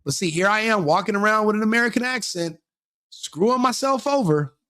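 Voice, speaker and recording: A man's voice: sits high, lively intonation, brisk, bright, forceful tone. A man hosting a live stream, commenting on a clip in a joking, mocking way.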